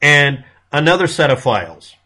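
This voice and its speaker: A man's voice: a little high, big pitch swings, normal speed, sharp tone. A man from the United States giving a casual monologue commentary in a blunt, sarcastic manner, with frequent profanity.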